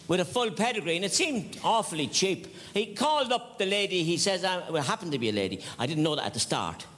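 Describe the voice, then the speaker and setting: An Irish radio presenter tells a shaggy-dog joke in a chatty way, laughing along with it. His voice is unusually high for a man. A faint hiss sits under the voice. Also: a bit bright. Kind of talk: joke telling.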